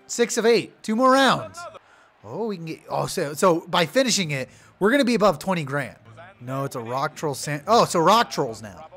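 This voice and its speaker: A young man giving loud, profane let's play commentary, yelling at his game companion. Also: fairly high pitch, normal speed, soft background music. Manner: excitable, swears loudly, yells at his companion. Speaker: gaming video creator.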